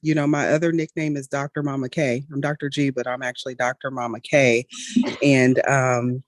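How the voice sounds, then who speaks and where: A woman with a notably low voice hosts a health podcast in an easy, upbeat chat. She cheers her guest on warmly and keeps things moving. The sound is dry and close, with no room around it. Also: level tone, normal speed, no room sound. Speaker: podcast host. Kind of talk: casual chat.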